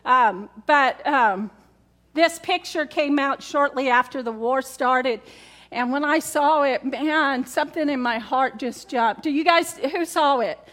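A woman's voice: sits high, a bit bright. A woman pastor preaching a sermon to her congregation in a chatty way, repeating key words and asking the room questions. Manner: conversational, repetitive, asks the congregation questions. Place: church in front of a congregation.

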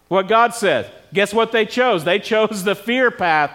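At a measured pace, a man with a high-pitched, fairly bright voice delivers a casual sermon to his congregation at a church service. The pastor often pauses to quiz the people in the pews.

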